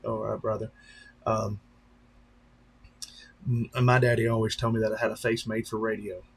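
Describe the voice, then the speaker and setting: A man's voice: fairly low pitch, flat delivery, moderate pace, creaky, a little hiss or hum. A man, a pastor, chatting casually on a live stream, rambling and talking straight to his viewers. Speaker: pastor and drone-racing streamer.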